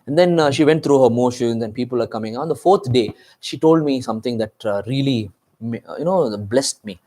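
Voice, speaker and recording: A man's voice: mid-range voice, fairly quick, dark tone. A man preaching a sermon to his congregation, firing off rhetorical questions and talking straight to the people in front of him. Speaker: pastor. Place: church meeting.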